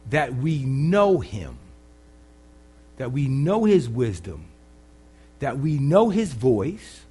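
A man preaching as a pastor, swinging from loud emphatic lines to quiet, casual, humorous asides. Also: mid-range voice, sing-song, takes it slowly, slightly rough. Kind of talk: sermon.

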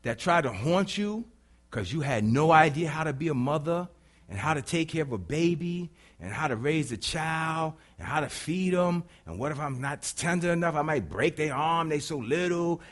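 A man preaching a sermon, emphatic, who swings from hushed to loud and repeats phrases for effect. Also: on the high side, animated, moderate pace.

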